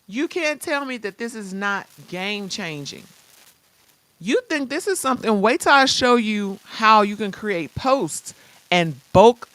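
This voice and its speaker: A woman hosting a live-streamed software tutorial. She chats casually in slang and talks straight to her viewers. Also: medium pitch, no room sound. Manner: lively, chatty, addresses viewers directly. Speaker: host.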